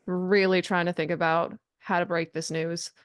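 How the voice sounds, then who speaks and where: A woman's voice: lowish voice, flat delivery, normal speed, no echo, clean studio sound. A woman playing a tabletop game, chatting casually and describing her character's actions. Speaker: player. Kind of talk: casual chat and in-character play.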